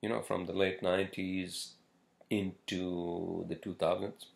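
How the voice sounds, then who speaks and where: A man's voice: sits low, level tone, unhurried, vocal fry. A man hosting a casual solo podcast who rambles and swears often, with many fillers and restarts. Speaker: podcast host.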